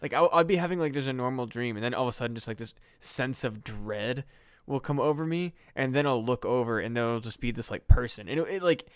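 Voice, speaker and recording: A man rambles through a story on a casual comedy podcast, leaning hard on fillers and swear words. His voice sits at an ordinary middle pitch. It is recorded close and dry, with no room sound. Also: fast talker, smooth, no room sound. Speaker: podcast co-host.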